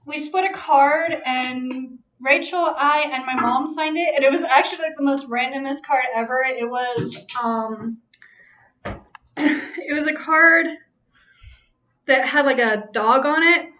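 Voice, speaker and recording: A woman's voice: high-pitched, unhurried, pushed and bright. A woman hosting a casual chat, telling a story with frequent laughter and free swearing. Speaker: host.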